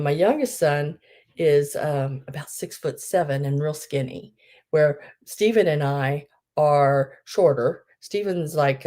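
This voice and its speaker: Lady hosting a live sale stream, low voice, unhurried, lots of ums and oh my goodness. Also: a little mellow. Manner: chatty, gushing, trails off with ums. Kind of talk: casual live-stream chat.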